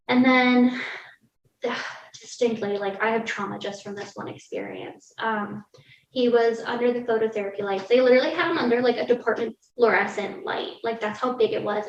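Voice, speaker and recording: On a podcast, a woman with a higher-pitched voice recounts something personal in a frank, relaxed way, leaning on "like" and laughing through rough moments. The audio carries a bit of hiss or hum and feels roomy, far-off and muffled, with faint ambience.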